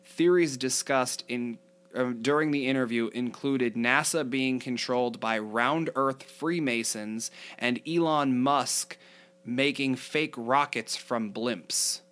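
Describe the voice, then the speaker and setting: A man's voice: mid-range voice, takes it slowly, a bit bright, smooth. A man co-hosting a casual podcast reads a news story aloud and breaks into laughter at the odd parts. He stops often for asides and fillers, then goes back to reading. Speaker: co-host reading news articles.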